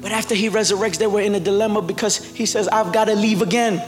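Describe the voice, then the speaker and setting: A man preaching a sermon in a church, building from conversational storytelling to loud, shouted emphasis, acting out quotes along the way. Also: sits high, steady tone, fast, long reverb tail, faint music behind. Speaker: pastor. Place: church sanctuary.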